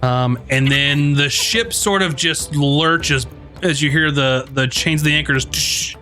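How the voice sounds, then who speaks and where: Slow, bright-voiced game master man. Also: a little high, soft background music. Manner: halting, full of ums and uhs. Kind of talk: narrating a tabletop game.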